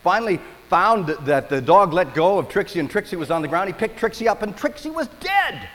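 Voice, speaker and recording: Male pastor, expressive storytelling sermon, higher voice, long hall reverb. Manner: storytelling, animated preaching with dramatic pauses.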